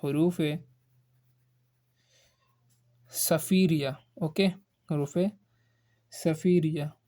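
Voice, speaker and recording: A woman teaching Quran reading in a recorded lesson, hesitant, pausing with frequent "uh" and repeating each term. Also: sits low, fairly even intonation, warm tone. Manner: slow, halting, with frequent "uh" and repeated terms. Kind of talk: recorded lesson explaining Arabic letters.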